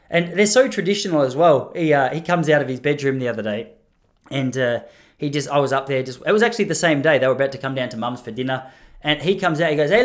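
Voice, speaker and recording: A man, chatting casually on a live stream with rambling, self-deprecating stories. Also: fairly high pitch.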